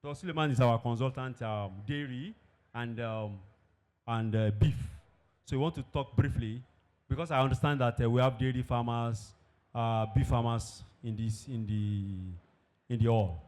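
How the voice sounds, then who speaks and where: A man's voice: mid-range voice, normal speed, a little mellow. Emphatic man giving a conference talk. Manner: emphatic, asks and answers his own questions. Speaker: presenter at an industry event. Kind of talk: conference presentation. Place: event hall.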